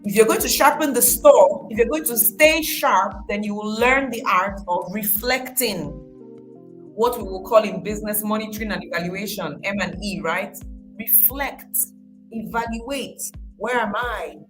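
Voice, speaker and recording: A woman's voice: mid-range voice, measured pace, fairly bright tone, low-quality recording. Woman giving a casual pep talk over music. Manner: conversational, repeats phrases, acts out quoted voices. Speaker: motivational speaker.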